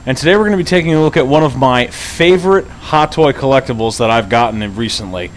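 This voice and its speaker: A man's voice: medium pitch, quick pace, a little hiss or hum. A man casually reviewing a collectible figure, talking in a chatty, easygoing way as he handles and explains each accessory. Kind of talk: casual product review vlog.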